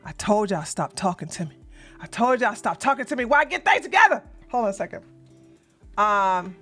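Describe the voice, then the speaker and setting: A woman's voice: mid-range voice, sing-song, a little fast, a bit bright, soft background music. A woman hosting a casual livestream, rambling and flustered as she fixes her setup while talking bluntly and sassily to her chat. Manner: blunt and sassy, mild cursing. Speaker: livestream host.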